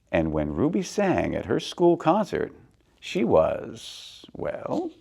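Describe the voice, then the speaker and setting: A man reading a children's picture book aloud, swinging between soft and loud in an expressive way. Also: mid-range voice, unhurried, creaky. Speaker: storyteller, theater director.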